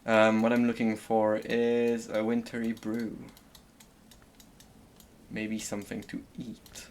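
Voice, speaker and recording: A man's voice: lowish voice, completely flat delivery, slow pace, a little mellow, a little hiss or hum. A man with a French accent giving gameplay commentary, thinking aloud and murmuring to himself while he decides. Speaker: streamer.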